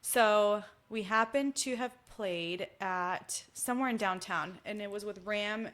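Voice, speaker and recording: Animated Texan woman telling a story. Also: mid-range voice, measured pace. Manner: animated storytelling, acts out quoted dialogue. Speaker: guest musician. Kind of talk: casual chat.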